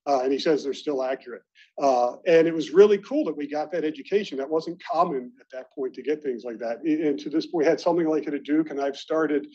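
A man's voice: medium pitch, darkish tone, husky. A middle-aged man from Baltimore telling self-deprecating stories as a speaker at an alumni meeting, in a conversational way. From Baltimore, United States. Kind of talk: anecdotal speech to colleagues. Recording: dull lo-fi recording.

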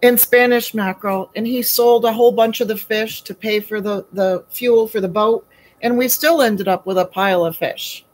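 A woman's voice: mid-range voice, moderate pace, a little mellow, poor audio. A woman hosting a casual live baking stream from her home kitchen, chatty and folksy, greeting viewers by name.

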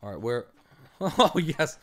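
A man talks over his gameplay in a high, animated voice that leaps up and down. He reacts loudly and curses freely as he commentates. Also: slow pace, soft background music. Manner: excitable, loud outbursts and cursing. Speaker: gaming commentator. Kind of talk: casual let's-play commentary.

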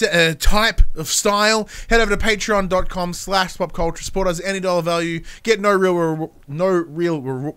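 A young man co-hosting a podcast, keeping his delivery energetic and enthusiastic. His voice sits a little high and sounds bright and forceful, with a smooth, crisp clarity. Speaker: podcast co-host. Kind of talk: casual podcast chat.

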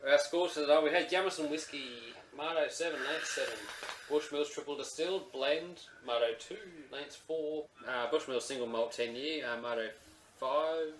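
A man's voice: a little high, normal speed, fairly bright tone, a little hiss or hum. A man co-hosting a casual chat who reads out the scores and makes wry, mock-stern jokes. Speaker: podcast co-host. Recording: echoey room.

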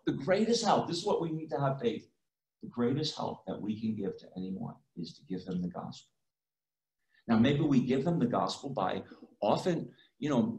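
A man preaching a sermon as pastor, emphatic, swinging between loud and quiet passages. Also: on the high side. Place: church. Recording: echoey room.

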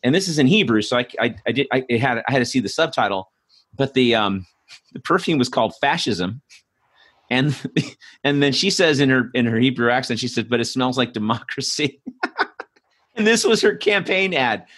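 A man's voice: medium pitch, animated, normal speed, a bit bright. A man hosting a podcast interview, talking in a loose, rambling way with many restarts. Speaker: podcast host. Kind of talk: casual interview conversation.

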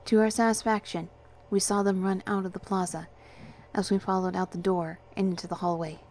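A woman reads a fantasy story aloud in the first person. She keeps a measured, steady pace, with her voice in a middle pitch. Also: a little hiss or hum. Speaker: narrator. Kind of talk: storybook reading.

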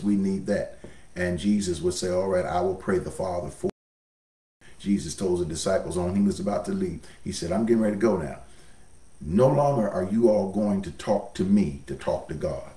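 A man's voice: low voice, moderate pace, dark tone, echoey room, recorded from a distance. A man preaching a sermon as pastor, folksy, his voice swelling up and dropping down.

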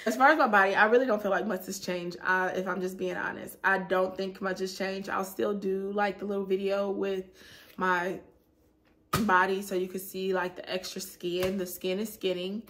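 Woman, sore throat, animated casual vlog chat, laughs often. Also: medium pitch, moderate pace. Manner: animated, laughs often, acts out her own reactions. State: sore throat after a cold. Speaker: vlogger.

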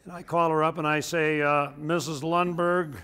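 A man's voice: a little high, little pitch movement, fairly quick, pushed and bright, clear, resonant tone. An older man who is a local historian, telling history in a folksy, anecdotal way with joking asides. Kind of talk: storytelling history talk.

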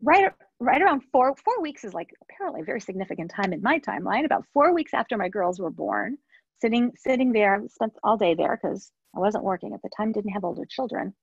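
A woman with a husky, breathy voice tells a personal story at a webinar in an earnest way and circles back on her phrases. The sound is dry and a little dull, like muffled webinar audio. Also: mid-range voice, lively intonation, brisk, dry recording. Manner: earnest storytelling, with repetitions and soft trailing asides. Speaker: webinar speaker and NICU parent. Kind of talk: personal story within a professional talk.

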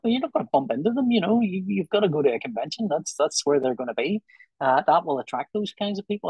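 Man, comic artist guest, husky, voice sits a bit high, dry close sound. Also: dry recording, rough recording. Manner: animated, acts out little dialogues. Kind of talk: casual podcast conversation.

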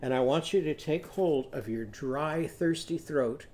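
A man's voice: a little high, a little slow. A man teaching a children's phonics lesson, telling a short story and leading simple songs for young learners to repeat. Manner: animated, coaxing, sings lines for children to echo.

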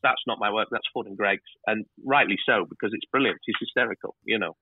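A man, a TV director, telling lively stories in a casual interview and swearing freely. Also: fairly low pitch, fast, breathy edge, no room sound. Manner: animated storyteller, swears freely. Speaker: TV director, guest. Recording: tinny phone-like line.

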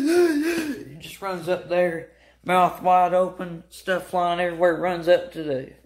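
A young man telling a mocking, animated storytime rant as a vlogger. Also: sits high, reverberant. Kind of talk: ranting storytime vlog.

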